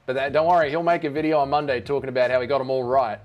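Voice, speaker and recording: A man's voice: mid-range voice, fairly even intonation, very fast, muffled recording, soft background music. Joking man hosting a stream. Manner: joking banter, reading out chat. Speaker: livestream host. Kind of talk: casual watch-along stream chat.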